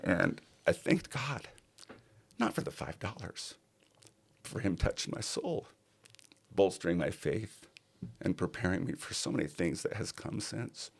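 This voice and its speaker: Deep, gravelly middle-aged man telling a story. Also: very animated, a little slow, pauses often. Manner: earnest, acts out other people's lines in quotes. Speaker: podcast guest. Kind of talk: personal storytelling in a podcast interview.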